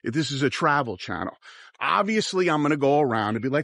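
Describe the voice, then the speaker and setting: A man's voice: fairly high pitch, sing-song, fast talker, gravelly, a bit bright, no echo. A man vlogging to camera, giving earnest, cautionary travel advice in a casual monologue and often repeating himself. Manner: earnest, cautionary, repeats phrases like once again.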